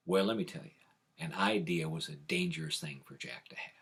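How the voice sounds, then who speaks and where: A man telling a tall tale as a storyteller, full of sound effects, dropping to whispers and building up to shouts. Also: very deep voice, a little fast, vocal fry, slightly rough. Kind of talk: animated oral storytelling.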